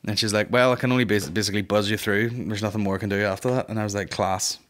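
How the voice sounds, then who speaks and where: Comic host, young, low-pitched, crude, rambling anecdote style. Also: male voice, quick pace. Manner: sweary, rambling, animated comic voices. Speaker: podcast host. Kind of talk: casual comedic storytelling.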